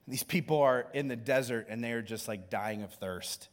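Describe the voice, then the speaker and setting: A man preaching a sermon in a conversational way, going from hushed to loud. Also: mid-range voice, normal speed. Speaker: pastor. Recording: long reverb in a large hall.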